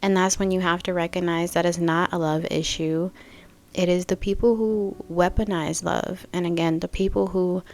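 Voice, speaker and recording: A woman's voice: lowish voice, a little mellow. A young adult woman hosting a reflective spiritual podcast, musing casually and thinking aloud with many fillers. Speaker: podcast host.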